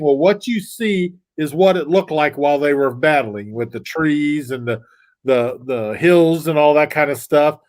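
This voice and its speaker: A man talking as a guest on a livestream, rambling in a casual way with lots of restarts and small chuckles. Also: mid-range voice. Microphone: desk mic.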